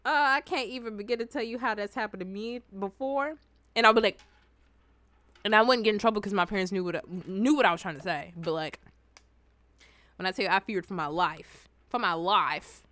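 A woman's voice: mid-range voice, fairly quick, fairly bright tone, no room sound. A young adult woman chatting casually, telling funny childhood stories and reacting to comments. She laughs often and swears freely. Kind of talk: casual storytelling chat.

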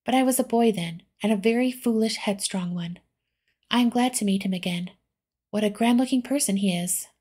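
A woman softly voicing an earnest, remorseful young gentleman in a whispered role-play reading. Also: mid-range voice, moderate pace, natural voice. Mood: eager. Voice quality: soft, breathy.

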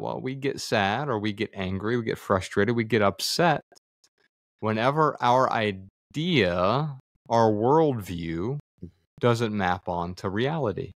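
A man's voice: on the low side, dry recording, studio quality. A man talking thoughtfully as a guest in a conversation, explaining ideas through examples, sometimes restarting a word. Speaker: podcast guest. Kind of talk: reflective conversation.

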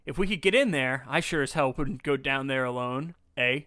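A man voicing a gruff middle-aged Canadian sewer worker who speaks ominously and ends lines with eh. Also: mid-range voice, moderate pace, pushed and bright, dry recording, clean studio sound, natural voice. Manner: ominous, says eh.

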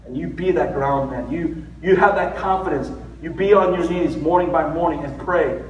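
A man's voice: on the high side, normal speed, muffled recording. A middle-aged man preaching a sermon as a pastor, in a conversational way, laughing often as he tells stories. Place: church hall. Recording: roomy echo, distant mic, noisy.

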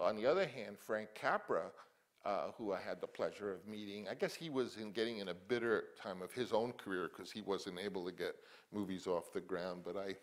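An older man, a film director, answering interview questions and reminiscing in halting speech full of restarts and repeated words. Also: fairly low pitch.

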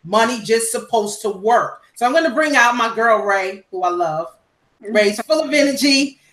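A woman's voice: fairly high pitch, expressive, moderate pace, a bit bright. A woman hosting a conference call, repeating affirmations and bringing on the next speaker. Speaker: call host. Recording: echoey line.

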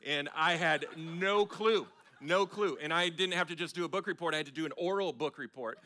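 A man, preaching a sermon as a pastor and telling self-mocking stories in an animated way. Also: a little high, a little fast. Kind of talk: storytelling sermon. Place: church sanctuary.

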